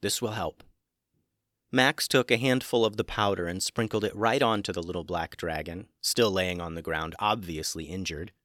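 A man hosting a children's podcast and narrating a storybook in a gentle, measured way. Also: low voice, dry recording, clean studio sound.

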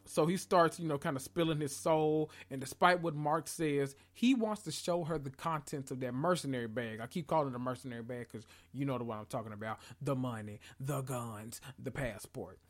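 A man casually recapping a TV episode, sassy and profane, telling it like gossip. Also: mid-range voice. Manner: sassy, profane, animated storytelling with slang.

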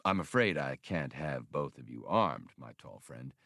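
A man doing a quietly menacing gunman. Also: a bass voice, animated, measured pace, vocal fry, dry recording, studio quality, voice pushed down, full character voice. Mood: cool threat. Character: calm, confident male gunman.

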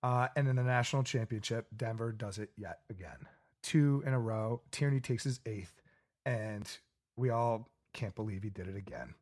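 A man's voice: mid-range voice, moderate pace, a little mellow. Chatty male sports podcast host. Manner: loose and chatty, with laughs and acted-out quotes. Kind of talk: casual sports podcast chat.

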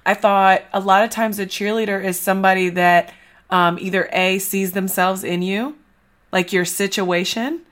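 A woman's voice: medium pitch, fairly even intonation, normal speed, fairly bright tone. A woman hosting a casual interview, responding in an affirming, reflective way. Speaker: host.

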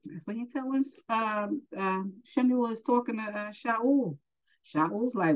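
A woman's voice: medium pitch, unhurried, highs cut off. A woman teaching a Bible lesson, reading scripture aloud and stopping to explain it in casual asides.

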